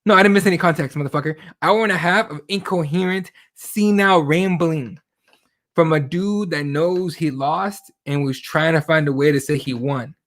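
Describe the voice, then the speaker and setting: A man co-hosting a casual show, ranting with heat and plenty of swearing, slipping into impressions of the people he quotes. His voice sits a little higher than most men's. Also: normal speed, fairly bright tone. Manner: heated and profane, mimics voices while retelling. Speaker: podcast co-host. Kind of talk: casual chat about current events.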